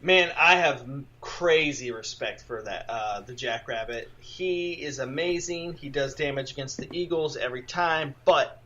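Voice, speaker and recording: A man's voice: mid-range voice, a little slow, hardly any pauses, lo-fi sound. A man co-hosting a sports podcast, introducing segments and adding his own takes in casual chat. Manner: forceful, introduces segments and adds short opinions. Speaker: podcast co-host.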